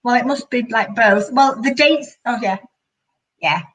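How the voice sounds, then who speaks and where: A woman's voice: a little high, moderate pace, fairly bright tone, distant mic, low-quality recording. A younger woman co-hosting a casual live chat over a video call, frank, laughing and self-mocking. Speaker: co-host.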